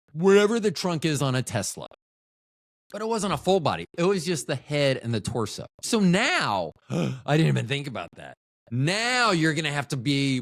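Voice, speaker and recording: A man's voice: mid-range voice, dry recording, studio quality. A man hosting a casual solo podcast, rambling and joking with offhand profanity, often cutting himself off mid-thought. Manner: rambling, self-interrupting, trails off mid-thought. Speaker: podcast host.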